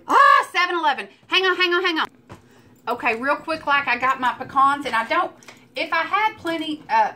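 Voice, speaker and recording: A woman's voice: on the high side, bright, forceful tone, slight background noise. A woman hosting a home cooking video, chatting and teasing her viewers as she cooks in her kitchen. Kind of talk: casual cooking chat.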